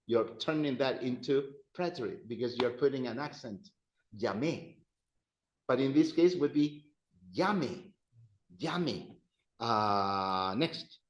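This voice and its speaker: A man teaching an adult-education class, patiently walking students through conjugation drills and praising their answers. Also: mid-range voice. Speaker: Spanish teacher. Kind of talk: adult-education language lesson. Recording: roomy, dull classroom sound.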